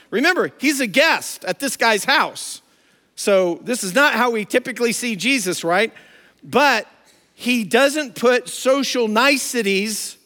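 A man's voice: high-pitched, fairly bright tone, long reverb tail. A man giving a conversational sermon, explaining and paraphrasing scripture in plain everyday words. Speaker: preacher. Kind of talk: sermon, Bible teaching.

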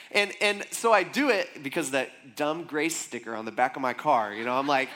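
Male pastor with a high voice, casual storytelling sermon, chatty asides. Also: animated, normal speed, sharp tone. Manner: conversational storytelling with frequent asides.

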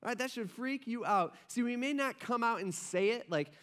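Man preaching a sermon, high voice, conversational, frequent check-ins with the crowd. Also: lively intonation, moderate pace. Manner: conversational, frequent "right?" asides; acts out quoted voices, drops soft and low for emphasis. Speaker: pastor.

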